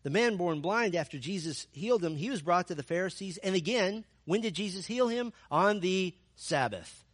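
Lively-voiced male preacher. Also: high voice, normal speed, dry recording, clean studio sound. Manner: expressive storytelling, rhetorical questions, emphatic repetition. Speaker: pastor. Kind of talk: sermon.

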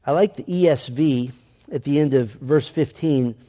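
A man's voice: medium pitch, dark tone. Man teaching Bible class, long hall reverb. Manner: earnest, emphatic rhetorical questions; reads scripture aloud slowly. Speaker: Sunday school teacher. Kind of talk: Bible lesson.

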